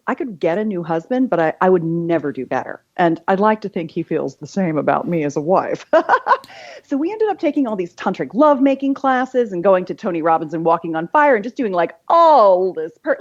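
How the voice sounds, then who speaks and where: A woman's voice: fairly low pitch, big pitch swings, a little fast, lo-fi sound. A middle-aged woman who is a guest on a podcast, chatting candidly and laughing easily as she talks about her work. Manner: bubbly, laughs often, candid. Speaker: podcast guest, sex educator. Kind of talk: casual interview chat.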